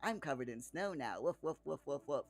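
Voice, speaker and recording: A man doing a giddy, high snow-soaked dog. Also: brisk. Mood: excited. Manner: excited, bouncy chatter ending in barks. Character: happy snow-covered female pet dog.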